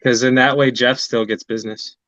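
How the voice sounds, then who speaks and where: A man chatting casually on a remote line, unhurried and trailing off with fillers. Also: mid-range voice, steady tone, fairly bright tone, no room sound, highs cut off. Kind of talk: casual chat.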